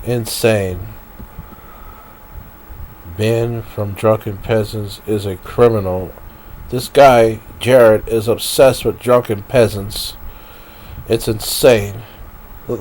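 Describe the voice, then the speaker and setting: A man's voice: fairly low pitch, steady tone, slow pace, pauses often, a little mellow, a little hiss or hum. Profane rambling man venting on stream. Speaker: live streamer. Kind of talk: rambling live-stream rant.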